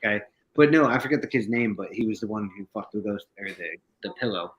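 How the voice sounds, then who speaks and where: A man's voice: fairly low pitch, lively intonation, fast, dull audio, slight background noise. A man co-hosting a casual podcast chat, telling rambling, profane stories. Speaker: podcast co-host.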